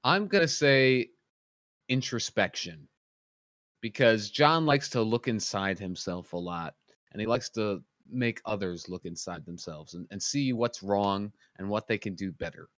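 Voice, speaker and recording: A man leading a casual comedic chat in a deadpan, mock-serious way. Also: fairly low pitch, measured pace, no echo, clean studio sound.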